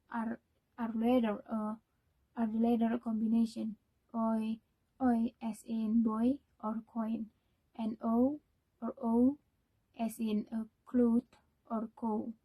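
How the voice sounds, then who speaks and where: Young woman doing a class presentation in english, slow and halting, dark husky voice. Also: a little high, poor audio. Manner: halting, many fillers and restarts. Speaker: student.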